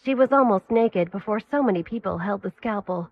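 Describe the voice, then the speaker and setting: A woman reads a dramatic story in a steady, even narrating voice. Her pitch sits in the middle of the range. The recording is dull and lo-fi. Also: a little fast. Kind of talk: scripted audiobook narration.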